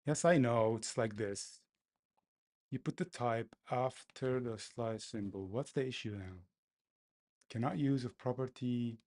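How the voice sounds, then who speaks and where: A man talking to himself as he codes, complaining loudly, then explaining each step casually. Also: mid-range voice, a little slow. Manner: exasperated, talks to himself while coding. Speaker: developer livestreaming his coding. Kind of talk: casual coding commentary.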